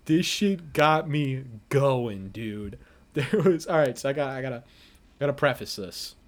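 A man co-hosting a podcast in casual chat, telling a news story with lots of swearing and rising excitement. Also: medium pitch, measured pace. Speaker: podcast co-host.

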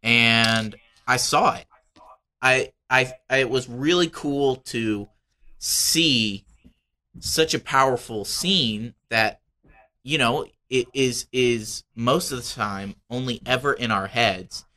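A man co-hosting a podcast, telling stories in a halting way with many restarts. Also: medium pitch, pushed and bright. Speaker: podcast co-host. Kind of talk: casual chat.

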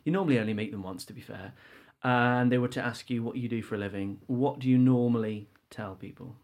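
A man's voice: medium pitch, a little fast, darkish tone. A man hosting a podcast, chatty and friendly, teasing his guest as he talks. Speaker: podcast host. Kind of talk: casual interview chat.

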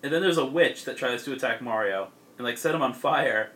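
A young man casually recapping a story, with many fillers and laughs along the way. His voice is bright and forward, at an ordinary pitch. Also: brisk. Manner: rambling, filler-heavy, laughs often. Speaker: podcast co-host. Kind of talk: casual chat, recapping a comic.

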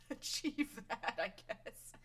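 A woman in casual chat recapping a TV show, animated and laughing, acting out quotes. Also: on the high side, drawn-out words, slightly rough. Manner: animated, laughing, acts out quotes in funny voices.

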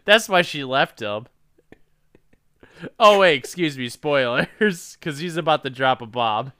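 A man co-hosting a podcast, swapping laughing, profane banter about a movie. His voice is bright and crisp, with lively swings in pitch and an unhurried pace. The sound is dry and close. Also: no room sound. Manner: laughing, profane, halting mid-sentence. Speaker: podcast co-host. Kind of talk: casual movie recap banter.

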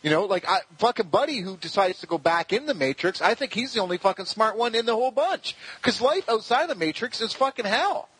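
Husky, higher-voiced man ranting casually. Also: lively intonation, fairly quick, hardly any pauses, fairly bright tone, rough recording. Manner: swears heavily, rambling with many fillers. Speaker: podcast co-host. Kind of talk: casual profane movie chat.

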